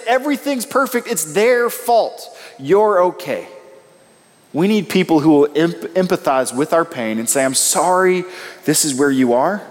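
Man, pastor, high voice, emphatic sermon, swings up and down, long reverb of a hall. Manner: emphatic, rising and falling delivery.

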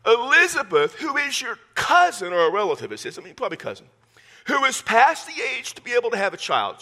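A man preaching a sermon to his church congregation in a folksy, joking way, with animated delivery. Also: high voice, breathy edge. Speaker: pastor.

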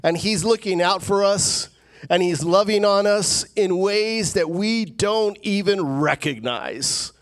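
A man preaching a sermon as the pastor, animated and rising to emphatic peaks. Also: high-pitched, takes it slowly.

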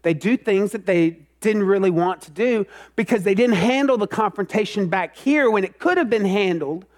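High-voiced man preaching an animated sermon. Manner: animated, self-mocking, swings into loud outbursts. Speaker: pastor.

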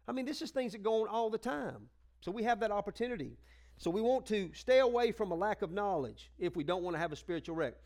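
A man pastor preaching a folksy, conversational sermon that climbs into fervent exhortation and acts out the voices of the people in his stories. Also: sits high. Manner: acts out quoted voices in dialogue.

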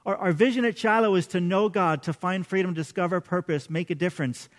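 A man's voice: sits high, fairly quick. A middle-aged man, a pastor, preaching a conversational sermon with casual storytelling and self-deprecating humor.

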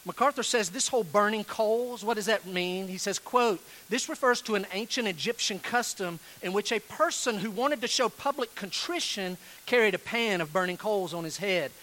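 A male pastor delivers an earnest sermon, pleading with his listeners and leaning hard on slow, stressed phrases. His voice sits high for a man and rings bright and forceful. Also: lively intonation, low-quality recording.

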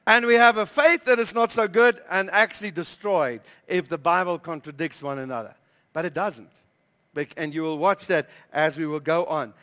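A man preaching as pastor, emphatic and repeating key phrases, slowing down to stress scripture. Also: a little high, sharp tone, in a large hall. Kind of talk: sermon. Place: church hall.

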